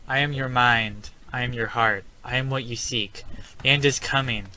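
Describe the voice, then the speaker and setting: A man voicing a solemn, all-knowing godlike being in a text adventure game, making slow pronouncements. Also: mid-range voice, steady tone, pushed and bright, slight background noise.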